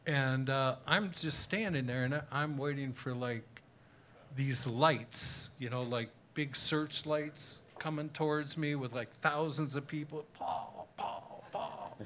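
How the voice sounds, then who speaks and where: Appearing as a guest author at a live tavern event before an audience, a man animatedly tells an anecdote and slips into quoted voices. His mid-range voice is bright and forceful, with fairly even intonation and a measured pace. A little hiss or hum is audible.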